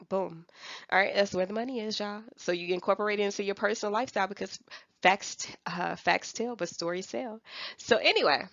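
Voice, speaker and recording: A young woman coaching viewers on selling online, chatty and animated, who laughs often and checks in with "right?" and "okay?". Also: mid-range voice, creaky, dry recording, highs cut off. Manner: slips into playful quoted voices of other people. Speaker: Avon sales representative teaching online selling. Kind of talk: casual coaching talk to viewers.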